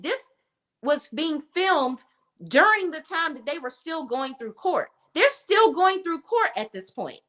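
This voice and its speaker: Brief: emphatic, profane woman commentator, high, animated voice. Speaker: reality TV commentator. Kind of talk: casual commentary.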